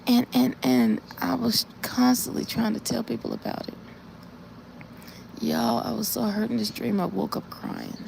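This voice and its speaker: Gravelly woman earnestly recounting a dream. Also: fairly high pitch, fairly even intonation, measured pace, darkish tone, a little hiss or hum. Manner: earnest, repetitive storytelling, speaking straight to her viewers. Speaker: livestreamer. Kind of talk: recounting a dream on a casual live stream.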